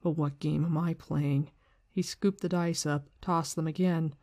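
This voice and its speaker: Book-discussion host, casual and slangy, middle pitch, very dry sound. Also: steady tone, a little slow, warm tone, no room sound. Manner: casual, swears, slangy retelling. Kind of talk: casual book discussion with read-aloud passages.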